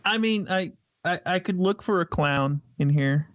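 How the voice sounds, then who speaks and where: A man's voice: sits high, a little slow, a bit bright, no room sound, lo-fi sound. Man with a girlish voice filter. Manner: playful, teasing, hammy. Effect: voice changer making him sound like a woman. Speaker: co-host. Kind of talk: casual chat on a live stream.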